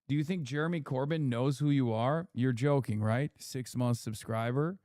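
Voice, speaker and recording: A man's voice: fairly high pitch, moderate pace, hardly any pauses, a little mellow, dry recording, studio quality. A man streaming political commentary, swearing and ranting as he reads chat and polls. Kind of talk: casual livestream commentary.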